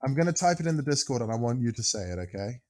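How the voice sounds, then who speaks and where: A man's voice: mid-range voice, expressive, racing. A British man co-hosting a podcast in casual, rambling chat that often trails off mid-sentence. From United Kingdom. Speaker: podcast co-host.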